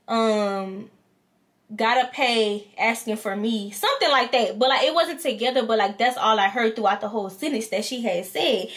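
A woman's voice: a little high, fairly bright tone. A woman vlogger, animatedly telling a storytime and acting out both sides. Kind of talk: storytime vlog.

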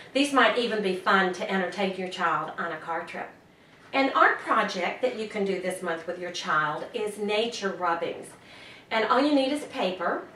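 A woman giving gentle, encouraging instructions to parents on activities to do with their children. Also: medium pitch, a little hiss or hum. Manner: slow, gentle, encouraging explaining. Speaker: parent educator host. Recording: echoey room, distant mic.

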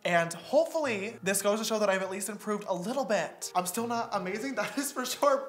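A man's voice: sits high, fairly bright tone, roomy sound. A young man doing reaction commentary on his old videos, sarcastic and self-mocking, often laughing. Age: young adult.

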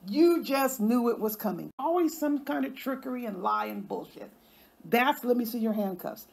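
A woman's voice: fairly high pitch, expressive, normal speed, vocal fry, a little mellow, husky. A woman hosting an online commentary show, ranting in an indignant, confrontational way and swearing freely. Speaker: YouTube commentary host.

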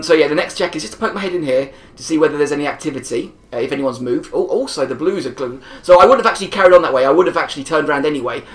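A gamer talks through an online match in a loose, rambling way, often breaking into laughter. The voice sits in a middling register and carries a noticeable room echo. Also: medium pitch. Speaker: gameplay commentator. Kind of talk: casual gameplay commentary. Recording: roomy echo.

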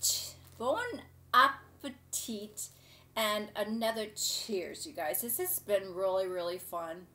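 A woman's voice: mid-range voice, expressive, slow pace, bright, forceful tone. A woman hosting a casual cooking show, chatting to camera in a gushing, rambling way.

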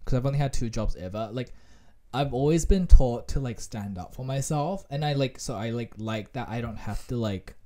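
A young adult podcast co-host telling a work story in casual chat, profane and animated, acting out quotes. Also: mid-range voice, normal speed.

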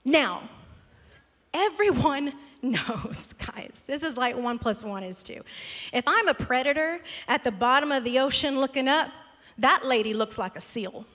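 Woman pastor, high bright voice, animated storytelling sermon, long hall reverb. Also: unhurried. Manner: animated, self-mocking storytelling. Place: church sanctuary.

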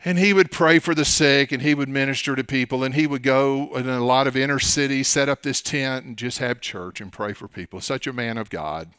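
Brief: middle-aged male pastor, Oklahoma accent, smooth clear voice, dry close sound, emphatic preaching delivery. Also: medium pitch, brisk, hardly any pauses, dry recording. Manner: emphatic preaching with sudden loud rises. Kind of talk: sermon.

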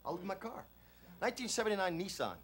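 A showy infomercial self-help guru. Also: male voice, lively intonation, very fast, fairly bright tone, a little hiss or hum. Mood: confessional. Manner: showman pitch, repetitive motivational cadence. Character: flamboyant middle-aged male infomercial self-help guru. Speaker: infomercial host. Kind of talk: film infomercial performance.

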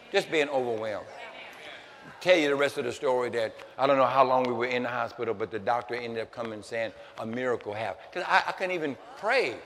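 A man preaching a sermon as a pastor, telling a personal story with repeated words and restarts, building up to shouts. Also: medium pitch. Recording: long hall reverb, faint noise.

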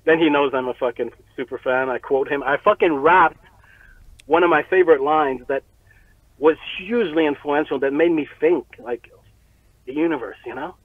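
A man telling a story as an interview guest, profane and animated, often breaking into laughter. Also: on the high side, moderate pace, no room sound. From Montreal. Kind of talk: casual storytelling. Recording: tinny phone-like line, very dry.

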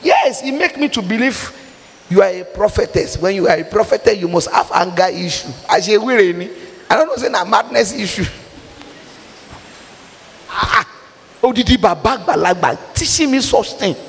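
Gravelly Nigerian woman preaching forcefully. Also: medium pitch, lively intonation, normal speed, long reverb tail. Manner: forceful exhortation, mixing pidgin with English, bursts of shouting. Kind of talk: sermon.

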